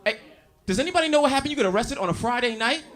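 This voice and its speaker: A man doing a stand-up comedy set, telling loud, animated, profane stories and working the crowd. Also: extremely high pitch, racing. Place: comedy stage before a live audience. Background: audience laughter.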